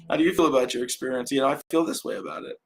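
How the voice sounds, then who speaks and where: A man's voice: medium pitch, fairly even intonation, a little fast, over music, low-quality recording. A young man, hosting a casual live stream and rambling loosely with fillers and trailing laughs. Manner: many fillers and restarts.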